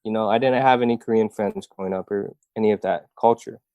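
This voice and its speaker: A man's voice: fairly low pitch, fairly even intonation, quick pace, no echo, muffled recording. Earnest young man, dry close sound. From Iowa. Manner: earnest, heartfelt, many fillers and restarts. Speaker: guest. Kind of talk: casual interview storytelling.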